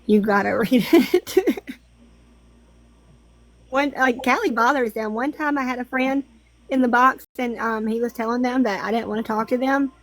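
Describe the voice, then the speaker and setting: A woman's voice: a little high, normal speed, long pauses. A woman in a casual livestream chat, joking, swearing freely and laughing often.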